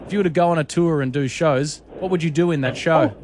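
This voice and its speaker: An Australian man hosting radio, teasing a caller with playful quick-fire questions. His voice sits high. Faint room noise hangs under it. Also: a little mellow. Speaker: radio host.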